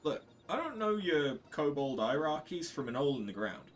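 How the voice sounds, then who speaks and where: A brash, tough woman adventurer mocks and goads in blunt, slangy talk, with a man reading her lines aloud. The delivery is animated. Soft music runs behind. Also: on the high side, moderate pace, voice pushed up. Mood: scornful. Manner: blunt, scornful, folksy slang. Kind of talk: reading game dialogue aloud.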